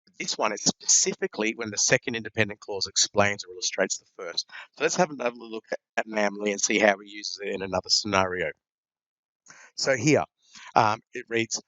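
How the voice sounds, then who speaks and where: Man, teacher, lesson video, halting with lots of ums, dry close sound, slightly dull lo-fi recording. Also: on the low side, expressive, sharp tone, dry recording. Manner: halting, with many ums and repeated words. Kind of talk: explaining grammar in a lesson video.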